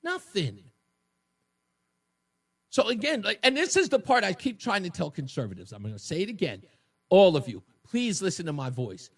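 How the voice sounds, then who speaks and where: A man hosting a talk radio show, delivering a mocking, combative political monologue that swings between shouting and low taunts. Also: big pitch swings, normal speed, long pauses, slightly rough.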